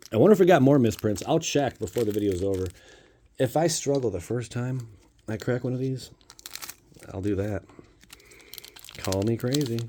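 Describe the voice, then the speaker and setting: A man's voice: on the low side, a little mellow. A man casually opening trading card packs on his channel, playful and jokey, with goofy outbursts and rambling asides. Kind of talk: casual pack-opening commentary.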